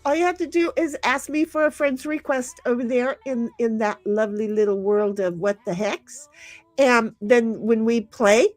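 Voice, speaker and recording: A woman's voice: on the high side, moderate pace, dry recording, soft background music. A woman hosting a casual game stream, chatting and reading viewers' messages aloud, laughing often. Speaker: stream host.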